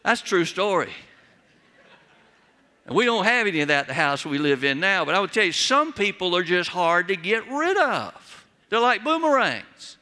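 Pastor, man, slightly high and bright-toned, folksy storyteller with humor, sermon in a reverberant church. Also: big pitch swings, moderate pace. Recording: long reverb of a large hall.

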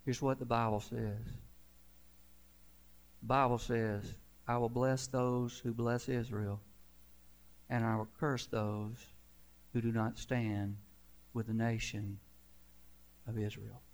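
A man, a pastor, preaching a sermon with emphatic swells and drawn-out, falling endings. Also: medium pitch, level tone.

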